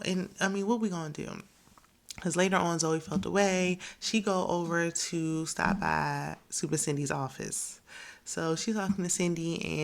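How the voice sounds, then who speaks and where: A woman with a low, gravelly voice gives a casual, opinionated recap of a reality show. She talks like she's chatting with friends, laughs easily, and slips into quoting the cast.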